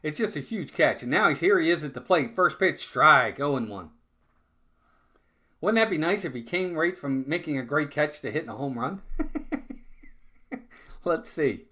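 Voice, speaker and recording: A man's voice: a little high, expressive, unhurried, long pauses, pushed and bright. A man calling live baseball play-by-play in a casual, chatty way, often repeating words and talking to his viewers. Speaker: fan play-by-play streamer.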